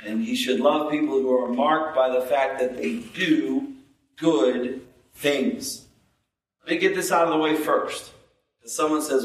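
A man preaching a sermon as pastor, slow and emphatic, repeating phrases for stress. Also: a little high. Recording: echoey room, distant mic.

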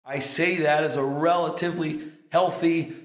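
A middle-aged man preaching a sermon, emphatic, leaning hard on stressed words between measured pauses. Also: a little high, steady tone, reverberant. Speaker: pastor.

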